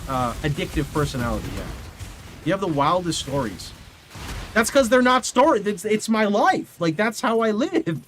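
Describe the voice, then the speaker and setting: A man, a streamer, talks casually to his chat in a fairly high voice. He tells rambling stories and keeps stopping to correct himself. A clear steady hiss sits under his studio-mic recording. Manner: rambling, self-correcting storyteller. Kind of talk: casual livestream chat, answering chat. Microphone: studio condenser mic. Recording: steady background noise. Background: steady noise.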